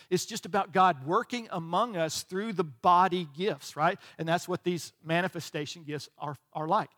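High-voiced conversational male pastor. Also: a bit bright. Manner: conversational, storytelling, frequent "right?" asides. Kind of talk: sermon.

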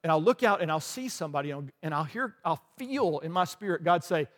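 A pastor preaching a lively sermon in a church, with rhetorical questions, asides and small laughs. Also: male voice, a little high, fast, hardly any pauses. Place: church sanctuary. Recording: long hall reverb.

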